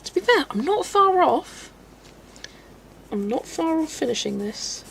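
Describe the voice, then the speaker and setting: Chatty woman, slightly gravelly. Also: high-pitched, sing-song, unhurried, slight background noise. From South West England. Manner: chatty and self-mocking, laughs often. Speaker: colouring livestream host. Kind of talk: casual livestream chat. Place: home, streaming while colouring.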